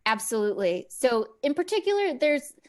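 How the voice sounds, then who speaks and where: A woman's voice: high voice, big pitch swings, normal speed, a little mellow. A woman psychologist, a guest on a podcast, talking in an earnest, enthusiastic way and often repeating words as she starts a thought. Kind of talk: conversational interview.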